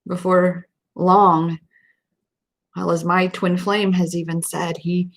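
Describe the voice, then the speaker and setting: A woman's voice: lowish voice, little pitch movement, slow. A woman hosting a live stream as a self-empowerment coach, talking casually and earnestly, with many fillers and repeated words. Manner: earnest, emphatic, with fillers and repetitions.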